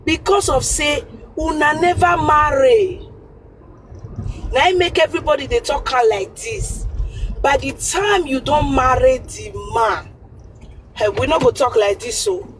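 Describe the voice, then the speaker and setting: A woman's voice: high voice, measured pace, slight background noise, low-quality recording. A woman caller with a Nigerian Pidgin accent giving earnest advice over the phone, repeating her points for emphasis. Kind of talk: call-in advice.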